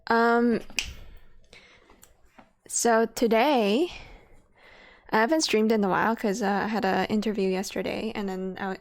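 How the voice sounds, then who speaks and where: A young woman streaming, chatting casually and laughing often while a little out of breath. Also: mid-range voice. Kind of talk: casual chat.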